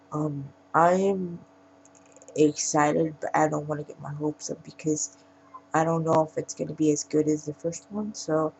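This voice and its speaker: Brief: woman film reviewer, low voice with vocal fry, casual rambling recap. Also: a little hiss or hum, low-quality recording. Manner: rambling retelling with frequent restarts. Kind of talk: casual spoken plot recap.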